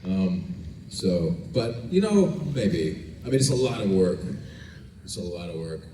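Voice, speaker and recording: Guest actor at a fan panel, low voice, wisecracking and relaxed, captured from a distance in a big echoey hall with background noise. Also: male voice, unhurried. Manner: joking, laid-back, rambling. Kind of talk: casual Q&A answers. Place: large indoor convention hall.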